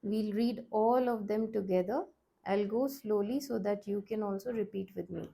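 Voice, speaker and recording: A woman's voice: mid-range voice, steady tone, normal speed, vocal fry, warm tone, husky. A young woman teaching a language lesson, explaining how to write letters step by step and patiently repeating each sound.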